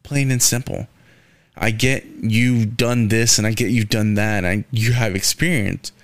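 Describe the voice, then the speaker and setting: Gravelly-voiced man rambling on his podcast. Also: lowish voice, fairly even intonation, unhurried, dry recording. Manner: rambling, profane, says "man" and "you know" a lot. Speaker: podcast host. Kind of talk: casual solo podcast rant.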